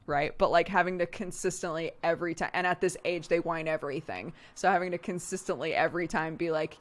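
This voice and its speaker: Chatty woman streamer, low-pitched. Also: quick pace, few pauses. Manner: chatty, frank, laughs often, swears casually. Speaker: streamer and host. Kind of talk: casual chat.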